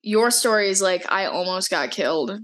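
A woman's voice: medium pitch, lively intonation, moderate pace, a bit bright. A young woman with a mid-range voice co-hosts a casual podcast. She reacts to her friend's story with laughter and incredulous remarks, speaking close to the mic. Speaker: podcast co-host. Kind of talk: casual chat.

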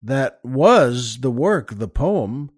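A man's voice: mid-range voice, very animated, very slow, a little mellow, husky, no room sound, studio quality. A man hosting a comedy podcast, telling a joke in a rambling, folksy way with many hesitations. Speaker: podcast host. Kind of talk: comic storytelling and joke telling.

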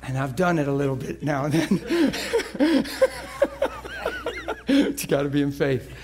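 A man's voice: a little high, very animated, measured pace, a little mellow. A male preacher delivering an emotional sermon, moving between playful banter, laughter and earnest prayer.

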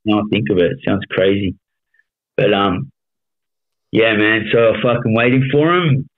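An Australian man in his thirties with a lowish voice tells his story bluntly, swearing often and checking in with "you know what I mean." The sound is thin and tinny, like a phone line. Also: moderate pace. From Melbourne, Australia. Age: 30s. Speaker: podcast guest. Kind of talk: casual storytelling interview.

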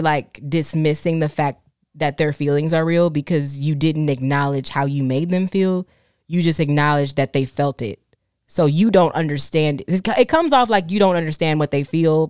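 A woman's voice: deep voice, a little mellow, clean tone, dry recording, studio quality. A young woman talking candidly in casual chat, rambling with many fillers and restarts.

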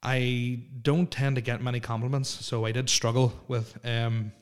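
A man's voice: medium pitch, level tone, normal speed, clean tone. A young man hosting a casual solo podcast from a house, rambling with lots of fillers, stammers and restarts. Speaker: podcast host. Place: alone in a house.

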